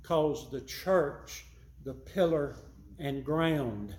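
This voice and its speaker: A man preaching a sermon, emphatic and repeating his key phrases, rising louder on his main points. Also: on the high side, expressive, extremely slow, reverberant.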